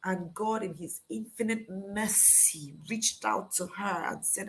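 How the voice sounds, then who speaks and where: Slow-spoken woman teaching. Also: mid-range voice. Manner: earnest, storytelling, addresses the audience directly. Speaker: life coach and session head. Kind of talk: motivational Bible teaching.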